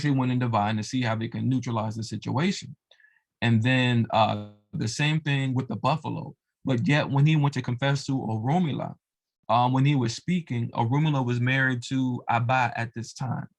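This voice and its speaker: In a casual oral storytelling, a teller of religious tales recounts a devotional folk tale loosely, with plenty of fillers and side remarks. He has a gravelly, mid-range voice and speaks at normal speed.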